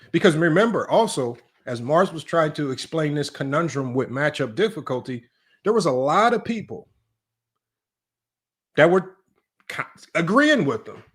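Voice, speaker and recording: This man's voice sits on the high side with a breathy edge as he hosts a sports talk livestream. He argues forcefully and repetitively, tossing in "y'all" and "right?" along the way.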